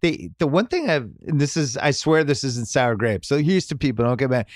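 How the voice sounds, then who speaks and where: A man's voice: mid-range voice, animated, brisk, few pauses, dry recording. Dry-voiced man hosting a sports podcast. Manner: opinionated, talks through points in short bursts. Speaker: podcast host. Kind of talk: casual sports chat.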